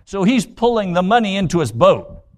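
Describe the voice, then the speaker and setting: Storytelling pastor preaching a sermon. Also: male voice, sits high, very animated. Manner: storytelling preacher acting out scripture dialogue; rapid rhetorical questions to the congregation.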